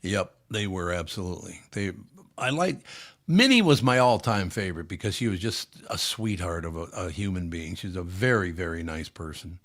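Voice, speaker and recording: A man's voice: low voice, expressive, normal speed, fairly bright tone. Blunt older man telling stories. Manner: blunt, swears freely, tells anecdotes. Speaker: podcast host. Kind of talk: casual chat.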